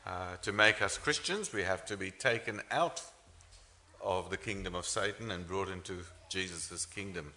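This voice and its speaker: A male pastor delivering a sermon in a somewhat low but bright, forceful voice. He presses his points with rhetorical questions and leans on frequent "uh" fillers as he thinks aloud. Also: normal speed.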